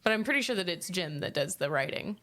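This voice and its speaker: A woman's voice: on the low side, animated, quick pace, a bit bright. A woman co-hosting a casual podcast, reading out trivia clues and joking and swearing as she goes.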